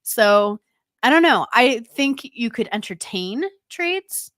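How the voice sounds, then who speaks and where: A woman's voice: a little high, animated, takes it slowly, a bit bright, dry recording. Easygoing woman podcast co-host. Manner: thoughtful, hedging, easygoing. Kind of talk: casual sports chat.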